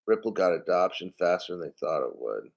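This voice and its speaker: A man's voice: deep voice, very animated, a little fast, gravelly. A man hosting a crypto livestream, reading viewer comments and rambling in a conspiratorial, casual way. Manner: rambling, conspiratorial, reads chat comments aloud. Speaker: crypto channel host.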